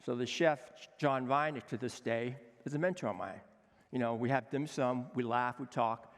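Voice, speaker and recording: A man in his sixties, a chef giving an energetic, emphatic conference talk, acting out quoted dialogue. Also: medium pitch, normal speed. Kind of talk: conference speech. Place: conference hall with a seated audience. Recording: long hall reverb.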